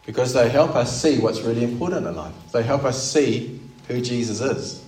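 A man's voice: medium pitch, lively intonation, normal speed, a little mellow. A man preaching a sermon, earnest and explanatory, who asks rhetorical questions as he goes. He sits back from the microphone, and his voice rings in a roomy, echoing space. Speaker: pastor. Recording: roomy, from a distance.

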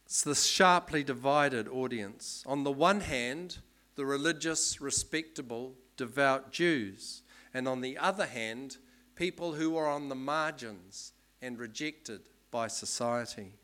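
A man's voice: mid-range voice, measured pace, pushed and bright. Conversational male preacher. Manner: conversational, explanatory, with fillers. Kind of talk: sermon.

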